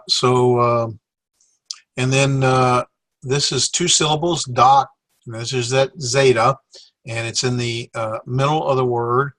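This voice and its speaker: A male teacher walks a class through Greek words at a slow, unhurried pace, his voice sitting at an ordinary middle pitch. He talks with plenty of fillers and stops now and then to correct himself. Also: fairly bright tone. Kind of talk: classroom lecture.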